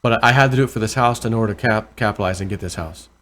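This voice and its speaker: A man vlogging casual commentary over price charts, rambling and correcting himself, with excited bursts over numbers. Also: on the low side, rapid-fire. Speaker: crypto vlogger.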